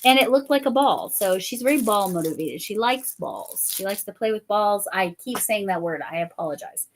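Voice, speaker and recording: A woman's voice: mid-range voice, lively intonation, normal speed, a little hiss or hum. A middle-aged woman from the United States hosting a casual crafting chat, rambling and laughing often. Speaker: host, crafter.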